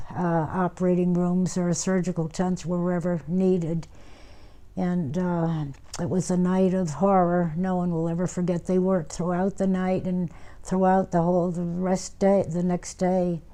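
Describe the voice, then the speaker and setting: A woman, recalling wartime memories in an oral history interview, unhurried with many pauses and restarts. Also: lowish voice, dark tone. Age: 90s. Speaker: war veteran interviewee.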